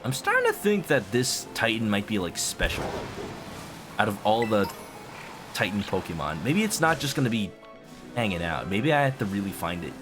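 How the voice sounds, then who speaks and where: A man's voice: on the low side, huge pitch swings, moderate pace. A man streaming a video game, chatting playfully with his viewers and humming to himself. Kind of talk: casual game commentary. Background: game music.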